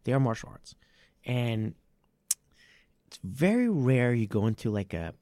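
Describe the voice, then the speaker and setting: A man who runs a martial arts academy, talking casually on a podcast with lively stress and frequent restarts. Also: mid-range voice, unhurried, dry recording. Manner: animated, with many restarts and stressed phrases.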